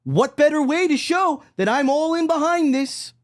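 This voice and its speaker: A man hosting a solo podcast monologue, preachy and emphatic, swinging between loud mockery and low, quiet intensity. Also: animated, moderate pace, no echo, clean studio sound. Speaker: podcast host.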